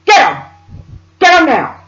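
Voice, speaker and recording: A woman's voice: high voice, huge pitch swings, a little slow, fairly bright tone, faint music behind, voice pushed up, heavily acted. A woman voicing a frantic young mother who screams repeated orders at her children. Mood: bossy. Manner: screeching, bossy, repeats orders. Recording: roomy, dull lo-fi sound.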